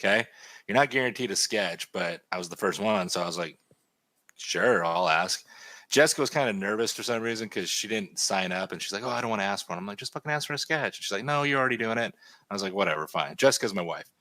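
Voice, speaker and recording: A man telling a story in a casual chat while he draws, animated and swearing freely. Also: on the low side, fast talker, no echo. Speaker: artist and stream host.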